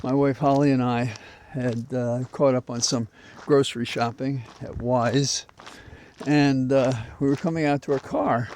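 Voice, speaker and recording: Guy walking outside talking into his mic, thinks out loud, lots of uhs, bit of wind noise. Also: medium pitch, fairly even intonation. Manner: rambling, reflective, with many "uh" pauses. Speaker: vlogger. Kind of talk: walking commentary. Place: outdoors on a walk. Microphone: portable mic carried while walking.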